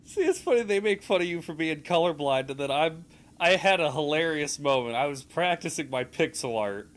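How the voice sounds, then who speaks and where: A young man hosts a gaming stream, chatting casually while he plays, teasing his friend and laughing often as he retells stories. His voice is fairly high-pitched with lively intonation, and he talks a little fast.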